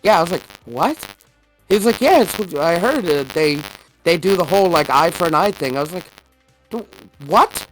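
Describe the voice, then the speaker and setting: A woman's voice: on the low side, a little fast, soft background music, low-quality recording. A woman co-hosting a podcast, telling a story in a casual, swearing way with many fillers and reenacted exchanges. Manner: animated, swearing, laughing retellings with many fillers. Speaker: podcast co-host.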